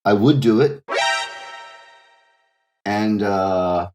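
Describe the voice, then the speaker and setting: A man with a very low voice talks through a casual podcast conversation as the guest. He rambles and restarts his sentences, leaning on "you know" to keep going. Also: very slow, dark tone, faint music behind. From United States. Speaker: professional game localizer, guest. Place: home in Japan, remote call.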